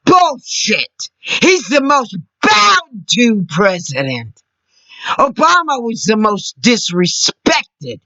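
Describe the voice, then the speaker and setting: Furious woman ranting, swinging pitch. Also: sing-song, takes it slowly, no echo, lo-fi sound. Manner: furious, profane, shouting at times. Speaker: vlogger. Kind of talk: angry political rant.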